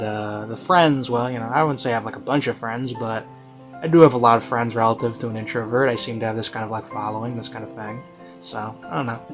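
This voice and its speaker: A man with a medium-pitched voice gives casual, rambling commentary on a video he's reviewing, peppered with "you know" and "like" and offhand self-mockery.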